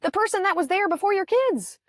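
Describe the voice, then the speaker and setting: A woman's voice: very high voice, expressive, a little fast, no room sound, clean studio sound. A woman hosting a solo podcast in casual chat, rambling and earnest, encouraging her listeners with many "like"s and sighs. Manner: chatty and rambling, with frequent "like" and sighs. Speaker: podcast host.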